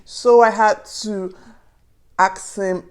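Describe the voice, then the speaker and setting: Slow-talking Nigerian woman vlogger. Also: mid-range voice, steady tone. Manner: chatty and earnest, addressing viewers as "guys". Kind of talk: casual advice vlog to camera.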